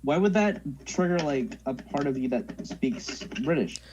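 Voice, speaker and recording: A man's voice: fairly high pitch, animated, unhurried, a little mellow, muffled recording, slight background noise. A young man talking casually as a podcast guest, firing off curious questions packed with "like" and other fillers. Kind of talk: casual chat.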